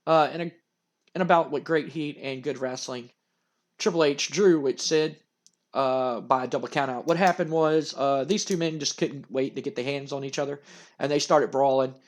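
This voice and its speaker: A man casually narrating a wrestling management game, excitable and full of fillers. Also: mid-range voice, moderate pace. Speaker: gamer narrating a wrestling sim.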